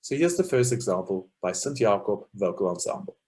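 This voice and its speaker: A man's voice: lowish voice, very animated, brisk, a little mellow. A male lecturer and choral conductor giving an illustrated talk, guiding listeners through musical examples.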